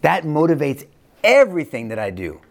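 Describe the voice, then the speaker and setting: A man as an interview guest, giving an impassioned faith testimony that swings between loud bursts and hushed, low tones. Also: huge pitch swings, moderate pace, creaky.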